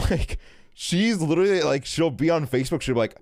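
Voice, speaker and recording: A man's voice: mid-range voice, lively intonation, a little fast, a little mellow, soft background music. A man in his twenties chatting casually on a stream, ranting with plenty of swearing and frequent laughter. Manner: profane, ranting, laughs often.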